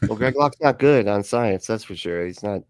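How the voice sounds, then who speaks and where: A man hosting a casual livestream chat. He talks animatedly, laughs often, swears, and jumps his pitch up for mocking quotes. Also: animated, moderate pace, dry recording. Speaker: livestream host.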